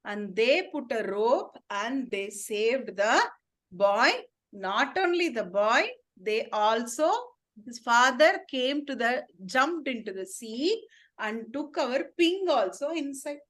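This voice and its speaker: A woman's voice: a little high, takes it slowly. A woman, telling a story to children and asking them questions. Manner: animated, questioning the listeners.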